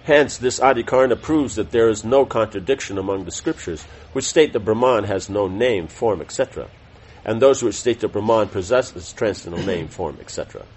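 A middle-aged man teaching a scripture class, reading a text aloud in a measured, deliberate way with small self-corrections and chatty asides. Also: lowish voice, darkish tone, breathy edge, low-quality recording.

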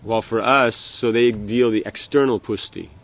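A man giving an informal religious lecture as a spiritual teacher, talking in a halting way with many restarts and "you know". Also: on the low side, fairly even intonation, lo-fi sound.

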